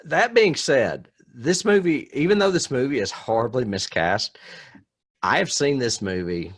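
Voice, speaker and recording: A man's voice: medium pitch, lively intonation, a little slow. A man co-hosting a podcast, chatting casually and bluntly about a film. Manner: opinionated, blunt. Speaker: podcast co-host.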